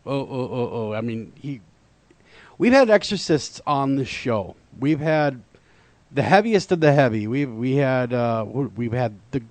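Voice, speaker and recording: A man's voice: medium pitch, lively intonation, a little slow, no echo. A man hosting a radio talk show, joking with his co-host and asking the guest questions. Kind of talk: casual interview chat.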